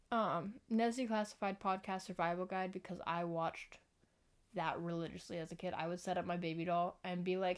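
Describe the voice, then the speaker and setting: A woman's voice: on the low side, normal speed. A young woman vlogging to camera at home into a microphone, rambling casually, giggling and often apologizing. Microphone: external microphone.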